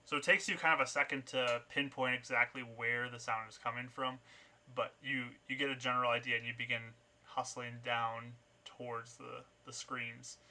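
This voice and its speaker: Bright-voiced man narrating as game master. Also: medium pitch, little pitch movement, moderate pace. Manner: descriptive, with frequent fillers and restarts.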